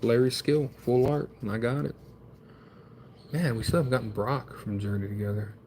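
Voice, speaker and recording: A man's voice: medium pitch, fairly even intonation, moderate pace, darkish tone, a little hiss or hum. A man streaming himself opening trading card packs, chatting in a rambling, wry, self-deprecating way.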